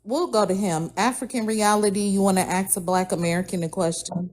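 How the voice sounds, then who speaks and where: A woman's voice: medium pitch, steady tone, a little fast, darkish tone. A woman moderating an online debate panel, casual and a little hesitant as she calls on people.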